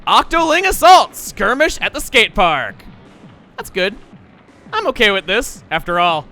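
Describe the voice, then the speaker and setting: Animated man narrating his gameplay. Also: sits high, measured pace, soft background music. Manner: playful, self-mocking, chatty while playing. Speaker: gaming video host. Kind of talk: let's play commentary.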